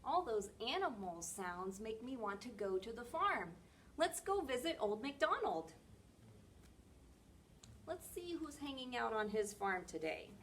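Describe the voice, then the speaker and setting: A woman leading a library story time for toddlers, reading aloud, singing nursery rhymes and making exaggerated animal sounds in a slow, sing-song way. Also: a little high, big pitch swings, fairly bright tone, far from the mic, slight background noise. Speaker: children's librarian.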